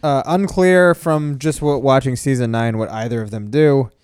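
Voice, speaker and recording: A man's voice: mid-range voice, normal speed, darkish tone, clear, resonant tone, dry recording. A man co-hosting a comedy podcast, making dry, wry remarks in casual chat. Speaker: podcast co-host.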